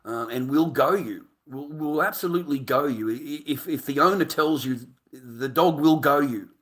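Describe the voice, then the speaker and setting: An Australian man ranting to camera, profane and heated, with loud outbursts. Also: on the high side, normal speed. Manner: heated, swearing, loud bursts with laughs. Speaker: vlogger.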